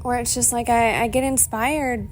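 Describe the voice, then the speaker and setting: A woman's voice: fairly high pitch, fairly even intonation, normal speed, a little hiss or hum. A woman hosting her own solo podcast, rambling in a chatty, emotional way, laughing often and swearing casually. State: emotional, near tears. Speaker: podcast host.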